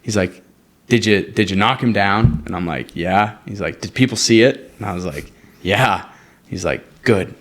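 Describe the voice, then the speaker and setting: A man's voice: lowish voice, normal speed. A young man from Montana, a podcast guest, telling a long story in casual chat and acting out the quoted lines. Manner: animated, acts out quoted dialogue, frequent "like".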